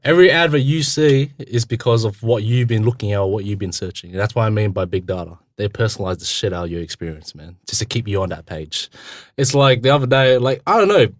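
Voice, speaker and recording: A young man co-hosting a podcast, chatting casually, animated and slangy, swearing freely. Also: lowish voice, fast talker, no echo. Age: young adult. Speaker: podcast co-host. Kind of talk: casual chat.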